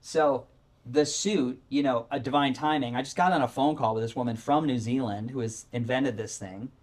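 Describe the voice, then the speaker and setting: A middle-aged man, a podcast guest, telling his story candidly in a rambling, self-correcting, animated way. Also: medium pitch, moderate pace.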